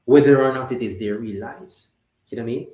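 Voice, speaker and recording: A man's voice: medium pitch, a little fast, warm tone, echoey room. Jamaican man hosting a live talk show. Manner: conversational, reads viewer comments, many restarts and fillers.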